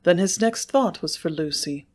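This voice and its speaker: A woman narrating a classic western novel in a measured storytelling manner. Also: lowish voice, expressive. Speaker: audiobook narrator. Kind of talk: scripted narration.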